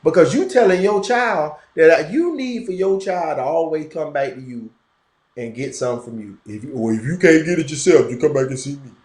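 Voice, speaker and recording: A man's voice: on the high side, a little fast, echoey room. A man with a Southern Florida twang talking emphatically in a casual conversation, repeating himself for effect. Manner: animated, emphatic, repetitive. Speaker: podcast guest.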